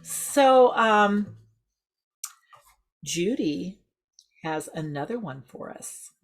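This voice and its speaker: A woman's voice: medium pitch, lively intonation. A woman leading a group voice exercise over a video call, giving patient step-by-step instructions. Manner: patient, instructive, speaks in measured rhythm. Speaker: group voice and singing leader. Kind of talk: slow guided voice exercise class.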